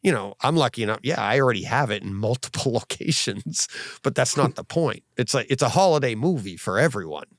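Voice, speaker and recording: A man's voice: mid-range voice, expressive, fairly quick, no room sound, clean studio sound. A man hosting a casual home podcast, rambling and laughing as he talks. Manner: rambling, self-interrupting, laughs often. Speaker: podcast host. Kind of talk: casual chat. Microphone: home podcast mic, recording his own side.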